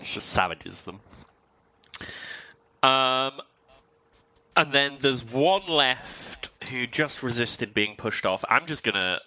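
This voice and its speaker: A man playing a tabletop game, calling out his dice rolls with hesitant pauses and ums. His voice is very bright and swings widely in pitch, though he speaks slowly. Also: animated, poor audio. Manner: hesitant, many ums while rolling dice. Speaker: player.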